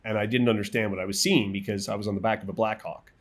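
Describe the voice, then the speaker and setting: A middle-aged man telling a personal war story in vivid, halting bursts, acting out what others said. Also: fairly low pitch, steady tone. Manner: vivid, halting retelling with quoted voices and restarts. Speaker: guest, military veteran.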